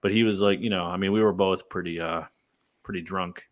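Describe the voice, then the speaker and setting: Rambling young man, low voice. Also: steady tone, a little fast. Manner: rambling, filler-heavy storytelling with laughs. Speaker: podcast host. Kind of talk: casual chat.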